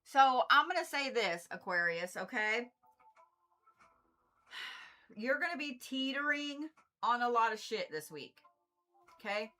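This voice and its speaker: Bright-voiced blunt woman card reader. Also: on the high side, unhurried, pauses often. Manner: blunt, swears freely, repeats herself for emphasis; animated, exasperated asides. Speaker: Reiki and zodiac card reader. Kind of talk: casual livestream card reading.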